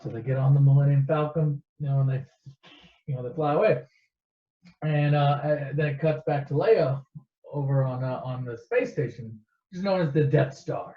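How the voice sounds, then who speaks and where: A man's voice: medium pitch, normal speed. A man casually retelling a movie in a rambling, profane and sarcastic way. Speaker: storyteller. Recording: echoey dull lo-fi recording.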